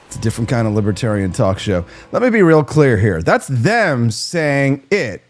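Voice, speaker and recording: A man's voice: mid-range voice, very animated, moderate pace, few pauses, faint music behind, a faint crowd. A man hosting a talk show, delivering an opinionated, sarcastic monologue and swearing freely.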